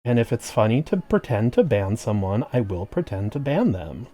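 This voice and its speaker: A man's voice: on the low side, big pitch swings, moderate pace, hardly any pauses, warm tone. A man livestreaming while painting miniatures, chatting casually and jokingly with viewers, often trailing off mid-sentence, at a desk microphone. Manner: chatty and jokey, trails off and restarts. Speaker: streamer. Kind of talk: casual chat with stream viewers.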